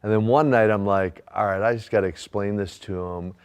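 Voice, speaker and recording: In this archive interview clip, a wrestler from Minnesota tells a family story in a chatty, amused way. His voice is fairly low and smooth, with fairly even intonation and a fairly quick pace.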